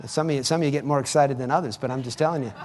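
A man's voice: medium pitch, racing, darkish tone, long reverb tail. A man preaching a sermon in an emphatic, conversational way, often repeating his phrases for effect.

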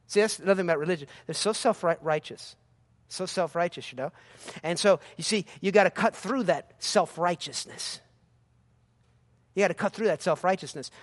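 A man preaching a sermon with emphasis, shouting some scripture lines and dropping to quiet, mocking asides. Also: sits high, moderate pace, big-room sound.

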